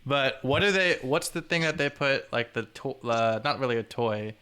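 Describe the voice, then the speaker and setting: A man's voice: medium pitch, expressive, moderate pace, sharp tone, smooth. An American man hosting a casual quiz chat, playful and giggly. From United States. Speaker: host.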